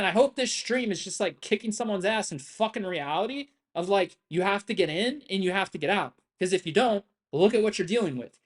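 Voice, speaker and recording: A man commentating his live trading stream, lecturing viewers in a blunt, profane, intense way with lots of repetition. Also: high-pitched. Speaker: day-trading livestreamer.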